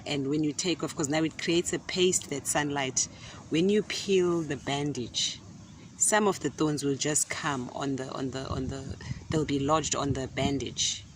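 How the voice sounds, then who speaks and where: A middle-aged woman telling a casual story in an animated way, often repeating words and laughing. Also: low-pitched, slight background noise. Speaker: gardening vlogger. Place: outdoor garden.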